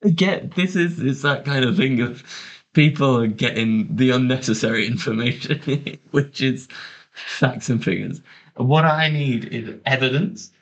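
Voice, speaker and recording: A man's voice: medium pitch, a little slow. A man co-hosting a casual chat, joking and sceptical, chipping in with comic asides. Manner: joking, sceptical, laughs at his own bits. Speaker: podcast co-host. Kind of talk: casual banter.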